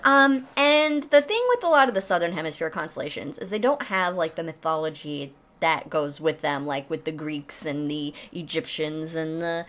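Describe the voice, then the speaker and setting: A woman's voice: sits low, expressive, moderate pace, few pauses, a bit bright. Rambling, jokey woman co-host. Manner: rambling, jokey, many fillers and restarts. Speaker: podcast co-host. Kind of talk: casual chat about astronomy.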